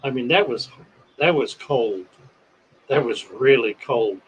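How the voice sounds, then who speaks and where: A man hosting a livestream who tells a long story in a drawn-out, dramatic way. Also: mid-range voice, expressive, slight background noise, poor audio. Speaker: pet shop owner and livestream host.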